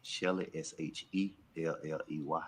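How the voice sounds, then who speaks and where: A man's voice: rumbling low, steady tone, moderate pace, a little hiss or hum. A man testifying in a courtroom as a witness, answering tersely and hesitantly. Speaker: youth football coach.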